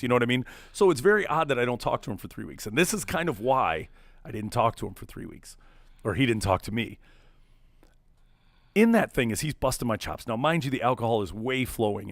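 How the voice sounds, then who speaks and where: Animated man telling a bar story. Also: mid-range voice, quick pace, no room sound. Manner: animated, acts out quotes loudly. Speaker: podcast co-host. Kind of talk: casual storytelling chat.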